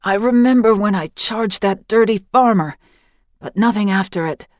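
A woman's voice: mid-range voice, normal speed, no echo, pitched above the performer's own voice, natural voice. A fretful young warrior, wounded and anxious, as a woman reads him in an audiobook. His voice comes out strained and worried in a dry, close recording. He sounds like he is fighting to keep his fear in check.

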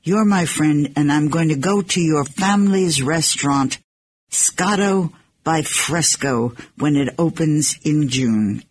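A woman's voice: low-pitched, slow pace, breathy edge. A woman hosting a casual interview, teasing and affectionate with her guest. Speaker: radio host.

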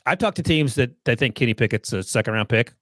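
Lively, opinionated man analyst. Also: medium pitch, fast, dry recording, clean studio sound. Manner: confident, opinionated. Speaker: draft analyst. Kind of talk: casual sports talk.

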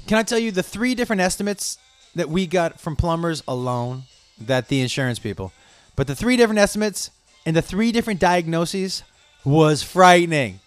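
A man's voice: high-pitched, big pitch swings, normal speed, dry recording. A man delivering an angry, profanity-heavy, stream-of-consciousness rant to his viewers. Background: faint music playing.

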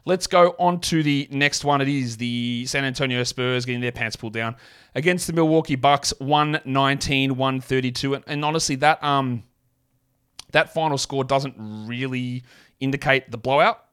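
A man's voice: mid-range voice, moderate pace, fairly bright tone, smooth. A man hosting a solo sports podcast, talking in a blunt, rambling, self-mocking way. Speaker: podcast host. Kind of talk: casual solo podcast talk.

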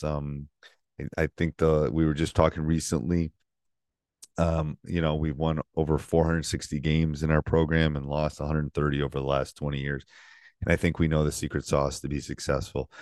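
A man's voice: extremely low pitch, darkish tone, dry recording, clean studio sound. A middle-aged man hosting a basketball coaching podcast, upbeat and chatty with lots of fillers. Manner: upbeat, rambling with fillers and laughs. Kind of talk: casual coaching chat.

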